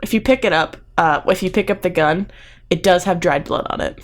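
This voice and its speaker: A woman's voice: lowish voice, fairly quick. A woman playing a tabletop game, chatting casually and laughing at herself. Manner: giggly, self-deprecating, apologetic. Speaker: player.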